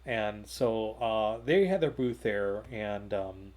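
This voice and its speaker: A man's voice: on the low side, slow pace. Rambling man telling a story at home. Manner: rambling, animated, with many fillers and restarts. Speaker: co-host of a gaming talk show. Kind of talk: casual anecdote telling. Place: home hobby room.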